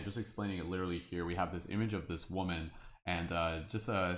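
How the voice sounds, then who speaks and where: A man hosting a live tarot-reading stream, talking casually and rambling with many fillers in an upbeat way. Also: sits low.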